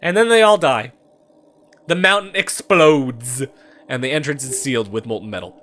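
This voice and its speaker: A young man giving irreverent let's-play commentary, animated and swearing freely. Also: mid-range voice, moderate pace. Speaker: gameplay commentator.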